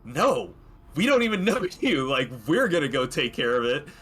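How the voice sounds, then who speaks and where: A man's voice: a little high, big pitch swings, normal speed, fairly bright tone, a little hiss or hum, pitched above the performer's own voice. A man voicing brusque young village brothers brushing off a stranger in a video game retelling. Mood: dismissive.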